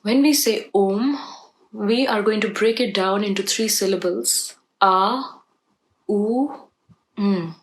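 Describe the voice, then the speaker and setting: A woman guides a meditation at an unhurried, gentle pace, her voice soft and mid-pitched. Her instructions are calm and patient. Behind her is a faint background hiss. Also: low-quality recording. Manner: slow, soft and gentle, guiding breathing.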